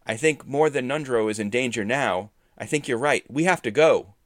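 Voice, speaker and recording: A man's voice: fairly low pitch, fairly quick, no room sound, clean studio sound, voice pushed up, natural voice. A man voicing a worried young male fiancé who sounds anxious and unsure. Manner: anxious, uncertain.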